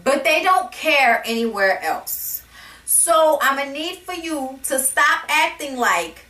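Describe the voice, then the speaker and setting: A high-voiced woman rants about a reality TV episode in a sassy, blunt, profane way. Her voice is bright. The room is echoey and she sits a little back from the mic. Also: expressive, takes it slowly, recorded from a distance. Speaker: reality TV reviewer. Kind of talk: casual rant to camera.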